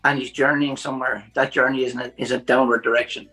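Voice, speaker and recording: A man, a director of photography, explaining his work at length in a thoughtful, measured way. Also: mid-range voice, level tone, sharp tone, soft background music, rough recording. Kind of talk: podcast interview.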